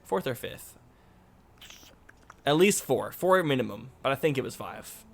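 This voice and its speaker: A man's voice: medium pitch, expressive, measured pace, creaky. A man co-hosting a casual gaming chat, goofy and jokey, laughing often. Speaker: co-host.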